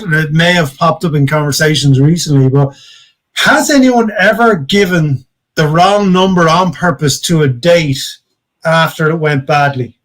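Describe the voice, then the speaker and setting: Man, co-host, playful joker, slightly high-pitched. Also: a bit bright, rough recording. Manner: jokey, playfully self-interrupting. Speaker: podcast co-host. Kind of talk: casual chat.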